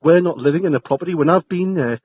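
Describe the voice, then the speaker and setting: A high-voiced, fast-talking man complains hotly down a tinny phone line. He sounds indignant and husky and keeps repeating himself. The line is dry and narrow. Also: no room sound. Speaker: tenant complaining on a phone call.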